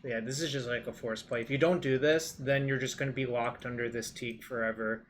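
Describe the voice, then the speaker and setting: A man's voice: medium pitch, steady tone, a little fast, a little hiss or hum. A man commentating his own card game match in a casual way, thinking aloud and swearing now and then.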